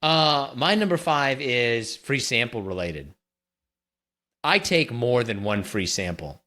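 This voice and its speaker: A man's voice: mid-range voice, animated, takes it slowly, bright, forceful tone. A man in his thirties co-hosting a podcast, teasing in a dry, casual way. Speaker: podcast co-host. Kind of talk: casual chat.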